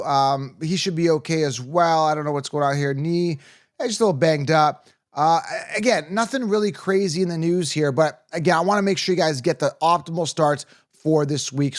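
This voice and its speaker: A man hosting a fantasy football show, giving blunt, opinionated sports commentary to camera and often tagging lines with "okay?" or "right?". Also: a little high.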